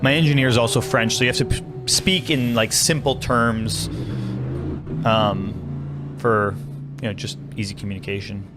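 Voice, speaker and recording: Breathless racing driver talking to viewers. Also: male voice, medium pitch, fairly even intonation, moderate pace, long pauses, over music. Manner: chatty, explaining to viewers, self-interrupting. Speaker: racing driver and channel host. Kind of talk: casual in-car commentary.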